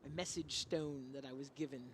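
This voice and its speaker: A man's voice: medium pitch, steady tone, a little fast, noisy background. A man playing a tabletop game who speaks hesitantly and asks the game master a lot of questions. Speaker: player.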